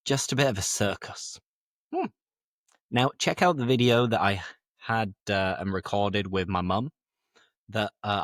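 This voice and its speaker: A man's voice: fairly low pitch, fairly bright tone, dry recording, studio quality. A British man hosting a podcast for English learners, talking in a chatty, playful way and explaining slang simply. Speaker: English teacher and podcast host.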